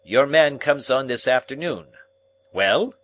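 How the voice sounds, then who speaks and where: A man's voice: medium pitch, lively intonation, slow, slight background noise, voice pushed up. A man voicing a bullying, irate older lawyer. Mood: curt. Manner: harsh, forceful commands. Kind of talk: audiobook character reading.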